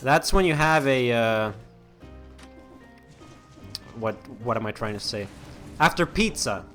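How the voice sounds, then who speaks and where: A man's voice: mid-range voice, animated, slow pace, fairly bright tone, faint music behind. A young man hosting a let's-play, chatting casually as he plays, rambling with lots of restarts and fillers. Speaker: gaming channel host.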